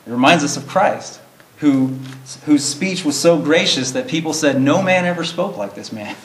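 A man's voice: fairly high pitch, animated, normal speed. A man teaching a verse-by-verse Bible study, reading verses in old-fashioned wording and explaining them in plain, earnest terms. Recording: roomy echo.

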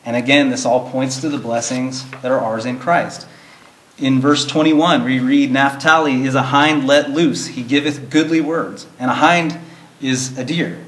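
Male Bible study teacher, mid-pitched, earnest and plain-spoken, in an echoey room. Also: fairly even intonation, a little slow. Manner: earnest, explains plainly, reads verses in King James wording. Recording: roomy echo.

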